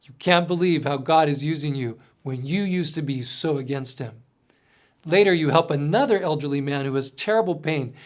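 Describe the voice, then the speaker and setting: An earnest man tells a story straight to the listener, voice pitched a little high. He reads from a script and sinks to a quiet hush at tender moments. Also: moderate pace. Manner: earnest, gently dramatic storytelling with soft drops. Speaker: mission storyteller. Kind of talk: scripted second-person narration.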